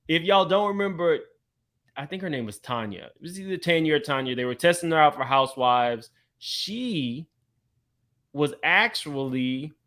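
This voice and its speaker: A man hosting a casual reality-TV gossip commentary, chatty and quick to laugh, talking straight to his viewers. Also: fairly high pitch, a bit bright. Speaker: commentary channel host.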